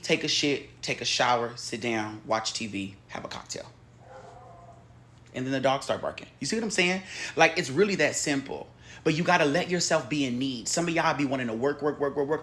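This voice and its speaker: A man hosting a spiritual healing show, talking in a casual, animated, profane and playful way. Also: a little high. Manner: animated, profane and playful, acting out quoted voices.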